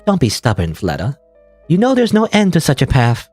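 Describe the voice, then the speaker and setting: Man voicing steady, admonishing female companion, low and measured; dry close sound. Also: no echo, soft background music. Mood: stern.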